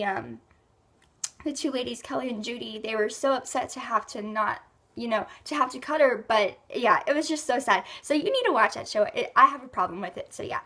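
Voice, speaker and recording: Stuffed up from a cold, a beauty and lifestyle vlogger rambles casually through her monthly favorites with lots of fillers like "like" and "um." Her voice is a little high, pushed and bright.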